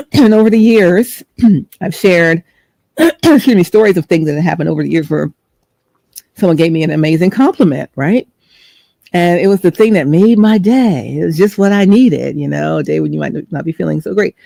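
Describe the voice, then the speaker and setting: Middle-aged woman vlogging, chatty storyteller, kinda gravelly and mellow. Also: lowish voice, normal speed, dry recording. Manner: chatty, rambling, searches for words. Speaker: host. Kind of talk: storytelling vlog.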